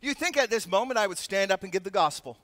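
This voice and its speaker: A man preaches a sermon in a high, bright voice and tells lively stories with self-mocking humor. His voice carries a long reverb, as if recorded in a large church hall. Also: fast talker. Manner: storytelling with humor and laughs. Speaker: pastor.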